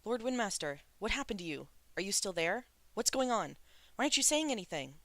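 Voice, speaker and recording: A gentle young crown prince, anxious yet soothing, as a reader acts him out. The voice sits a little above the reader's own and has a bright, slightly gravelly grain. It sounds close and dry. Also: mid-range voice, very animated, fairly quick, no room sound, pitched above the performer's own voice. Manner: soothing, reassuring.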